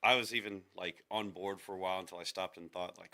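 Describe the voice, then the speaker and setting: A man's voice: low-pitched, steady tone, fast talker, vocal fry, bright, forceful tone. A man co-hosting a podcast, rambling in casual chat, swearing and acting out quotes as he goes. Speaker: podcast co-host.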